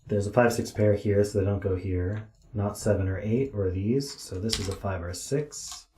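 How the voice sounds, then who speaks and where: A tired man streams himself puzzling, with a deep, dark voice that mutters and counts digits half to himself. His voice sits in a roomy, echoey home room. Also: normal speed, slight background noise. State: tired, yawning. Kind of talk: thinking aloud while solving.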